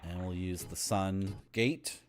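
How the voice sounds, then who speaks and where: A man's voice: low voice, fairly even intonation, slow, background noise. A man streaming a video game, casually commenting and joking with his chat. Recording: game music behind voice.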